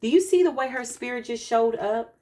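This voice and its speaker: A woman, a spiritual practitioner speaking to her followers in an animated, emphatic, preacher-like way. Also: on the high side, a little fast. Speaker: spiritual practitioner giving a card reading.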